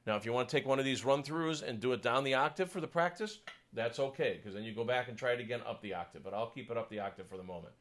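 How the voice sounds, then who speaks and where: A man working as a choir conductor, coaching a section through a piece, counting in and singing parts, sometimes in falsetto. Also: fast talker, hardly any pauses, fairly bright tone, rough recording. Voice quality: sings in falsetto. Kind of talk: choral coaching lesson.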